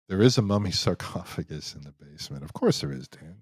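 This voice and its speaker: A man's voice: deep voice, lively intonation, brisk, husky, no echo. A man hosting a live Q&A stream, chatting casually as he reads out viewer comments and jokes around with many restarts. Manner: rambling and joking, many restarts.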